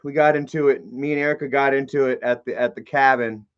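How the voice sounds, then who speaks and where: A man's voice: mid-range voice, steady tone, fast talker, smooth. A man hosting his own live stream, chatting loosely and profanely with lots of fillers and asides to his viewers. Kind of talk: rambling casual live stream chat. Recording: dull lo-fi stream audio.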